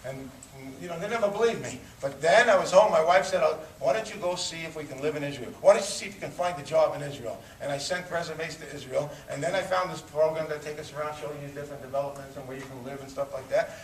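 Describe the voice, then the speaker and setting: A man in his fifties telling a personal story, animated and acting out the voices of people he quotes. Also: on the high side, fast talker, few pauses, slight background noise. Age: 50s. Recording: roomy sound from far off, faint ambience.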